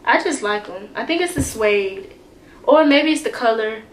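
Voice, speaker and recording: A young woman hosting a casual shoe-collection vlog, slangy and animated, swearing freely and talking straight to her viewers. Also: a little high, normal speed, reverberant. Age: young adult. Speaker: vlogger. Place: bedroom with shoes behind her.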